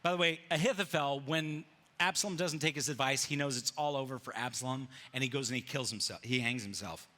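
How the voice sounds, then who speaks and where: Bright, animated man preaching. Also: mid-range voice, fairly quick. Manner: animated storytelling, acting out biblical characters with casual slang. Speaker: pastor. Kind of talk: sermon. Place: church sanctuary with slides.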